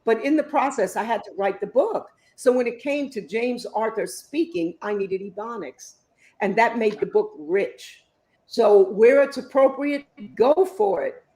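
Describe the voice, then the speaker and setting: A woman in her fifties, an author giving interview answers in an expressive, emphatic storytelling way. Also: a little high, measured pace. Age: 50s. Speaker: author and guest.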